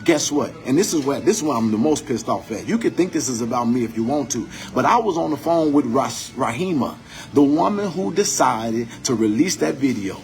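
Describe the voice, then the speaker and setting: A man's voice: mid-range voice, animated, a little fast, a little mellow, soft background music. A man giving an impassioned, profane commentary monologue, building his points with preacher-like repetition.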